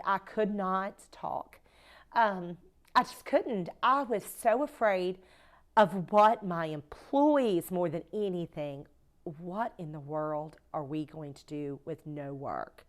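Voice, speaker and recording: A woman with a somewhat low-pitched voice talks as a podcast guest. She tells her stories with emphasis, often acting out what people said. It is easy, casual interview conversation. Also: slow. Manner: emphatic storyteller, acts out quoted dialogue. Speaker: cleaning company owner, guest. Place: podcast recording.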